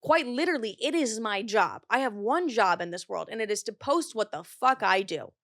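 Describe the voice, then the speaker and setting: A woman's voice: on the high side, lively intonation, moderate pace, a bit bright, no room sound, studio quality. A young woman hosting a podcast in casual chat, swearing freely and filling her talk with "like". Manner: chatty, swears a lot, says "like" often. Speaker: podcast host.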